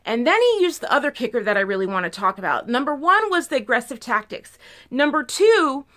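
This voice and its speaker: A woman's voice: sits high, big pitch swings, a little fast, a bit bright. A woman vlogger telling a story in a casual, emphatic way, full of "like". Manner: chatty, peppered with "like", emphatic.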